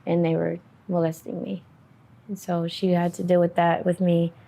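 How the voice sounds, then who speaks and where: A woman giving a halting, subdued personal testimony to an interviewer, with many pauses and fillers. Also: lowish voice, little pitch movement, creaky, warm tone.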